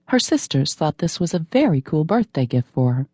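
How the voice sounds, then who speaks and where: A woman narrates a novel in a wry, measured way. Her voice is low, and the close studio microphone makes it sound dry, with no room around it. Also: big pitch swings, a little mellow, slightly rough, dry recording. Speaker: audiobook narrator. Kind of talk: scripted narration.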